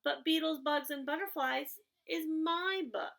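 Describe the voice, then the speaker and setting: A woman voicing an eager, insistent little girl who is excitable and obsessed with one book. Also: sits high, measured pace, vocal fry, full character voice.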